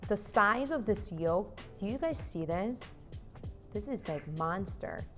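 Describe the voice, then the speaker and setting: A young woman talks her viewers through a recipe in her home kitchen, chatty and playful, with jokey asides. Her voice sits at a middle pitch, and soft music plays faintly behind her. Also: animated, takes it slowly. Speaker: cooking channel host. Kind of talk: casual cooking demonstration.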